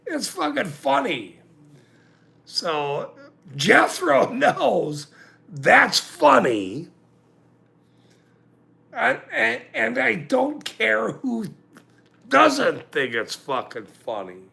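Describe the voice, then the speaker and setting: The man's high, gravelly, sharp voice swoops wildly in pitch, delivered very slowly with long pauses. He hosts a livestream rant, laughing and swearing often, insistently repeating himself as he reacts to chat.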